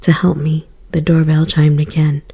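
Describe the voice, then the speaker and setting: Low, husky whispering woman. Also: level tone. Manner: soft, slow whisper. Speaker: storyteller. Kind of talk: whispered ASMR reading.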